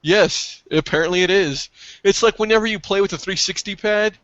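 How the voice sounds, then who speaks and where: A man co-hosting a casual gaming podcast, excitable and profane, breaking into yelps when something thrills him. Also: sits high, a little fast, no room sound, muffled recording. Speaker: podcast co-host.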